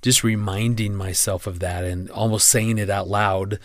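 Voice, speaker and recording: A man co-hosting a marriage podcast with his wife, speaking in an encouraging way and joking gently. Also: lowish voice, fairly even intonation, normal speed, no room sound. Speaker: podcast co-host. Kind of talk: casual married-couple podcast chat.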